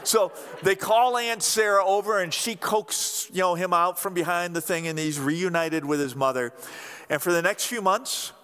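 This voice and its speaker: A man preaching a sermon in a conversational, animated way, acting out what people say. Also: sits high, moderate pace, clear, resonant tone. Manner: animated, conversational, acts out quotes. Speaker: pastor. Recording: reverberant hall.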